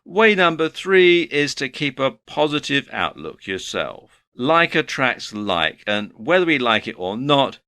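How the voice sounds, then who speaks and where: A man giving self-help advice in a relaxed, conversational way. His pitch rises and falls with lively movement, and his voice has a bright, forward edge. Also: a little slow, few pauses, smooth. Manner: earnest, advising, conversational. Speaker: self-help video presenter. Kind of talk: motivational talk to camera.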